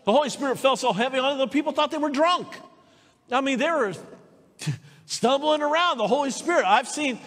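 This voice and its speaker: A woman preaching a sermon, telling stories with lively energy and calling for amens from the congregation. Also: sits high, fairly quick, big-room sound. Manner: lively storytelling, calls for amens. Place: church sanctuary.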